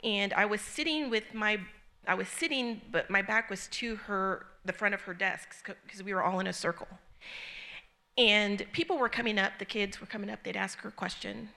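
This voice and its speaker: A woman's voice: mid-range voice, moderate pace, gravelly, pushed and bright. A middle-aged woman giving an informal sermon to a small group, talking in a conversational, earnest way with frequent ums and restarts. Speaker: church speaker teaching a group. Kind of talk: informal sermon with personal story.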